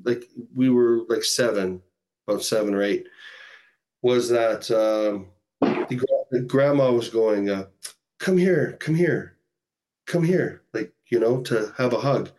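A man's voice: lowish voice, fairly even intonation, measured pace, a little mellow. Rambling man from Canada telling a story. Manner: rambling, lots of "like" and "you know". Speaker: podcast guest, musician. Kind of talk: casual storytelling chat.

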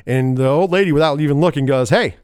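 A man talks through a film's plot in a loose, rambling way. He jumps off on side thoughts and corrects himself, with wry, profane asides. His voice sits a little high, and the sound is dry and close. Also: fast, darkish tone, clear, resonant tone, no echo. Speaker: movie reviewer. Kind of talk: casual film recap.

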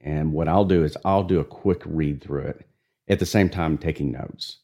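Deep raspy-voiced man, very low. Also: normal speed. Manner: relaxed, talkative, with restarts. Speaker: audiobook narrator. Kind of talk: conversational interview.

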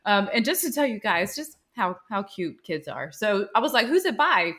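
Bright, chatty mom telling a story. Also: female voice, medium pitch, very animated, moderate pace. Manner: chatty anecdote-telling, acts out dialogue. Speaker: podcast co-host. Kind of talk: casual storytelling chat.

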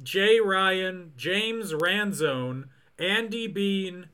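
A man hosting a podcast, reading out film facts with dry jokes in between. His voice is fairly high and very bright, with a forceful edge. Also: lively intonation, extremely slow, smooth. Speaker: podcast host. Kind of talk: casual chat with read-out film facts.

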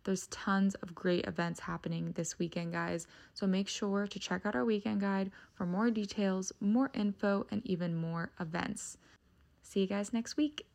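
A woman's voice: mid-range voice, fairly even intonation, moderate pace, vocal fry, a little mellow. A woman presenting a peppy, scripted rundown of weekend events. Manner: peppy, promotional.

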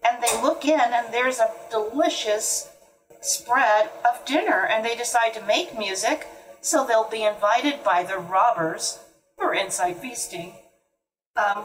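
A woman author reads her picture book slowly and lyrically, in a voice a little above average pitch. She sounds far from the mic, in a roomy room with faint music beneath. The delivery is unhurried and rhythmic. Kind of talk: interview and storybook reading.

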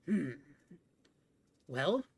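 A man's voice: fairly high pitch, big pitch swings, drawn-out words, gravelly, a little mellow, slightly rough, dry recording, heavily acted. A man voicing a bookish, distracted wizard who mutters to himself in a dry room. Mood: puzzled. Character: bookish nerdy wizard NPC, distracted and overconfident.

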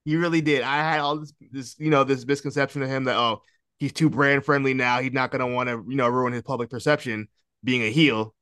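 A man co-hosting a podcast in casual chat, talking excitedly, laughing and swearing. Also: mid-range voice, brisk, clear, resonant tone, dry recording, clean studio sound. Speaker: podcast co-host.

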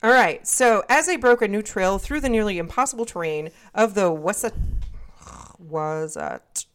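A woman's voice: mid-range voice, lively intonation, fairly quick. A woman co-hosting a casual podcast, reading history notes aloud and explaining them in a loose, swearing, chatty way. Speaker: podcast co-host.

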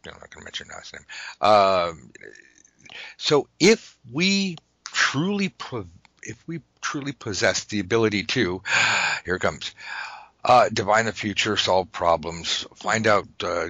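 A man with a low voice and a bright, forward tone, talking casually on a podcast. He rambles, restarts his sentences and jokes at his own expense. The sound is dry and close, with no room around it. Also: no echo, rough recording. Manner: rambling, self-interrupting, jokey. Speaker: podcast host.

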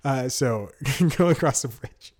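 Speaking a little slowly and expressively, this young podcast host has a medium-pitched, darkish voice. He tells casual solo stories that wander, frequently stopping to correct himself or laugh partway through a sentence.

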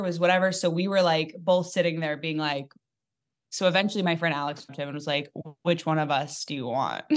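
A young adult woman comedian telling a dating story in casual podcast chat, animated and joking, with quick asides. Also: low voice. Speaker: comedian guest.

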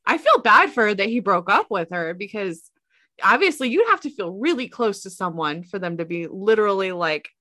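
A young woman co-hosting a casual podcast, chatting in a relaxed way and laughing easily. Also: medium pitch, moderate pace, no echo, studio quality. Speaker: podcast co-host.

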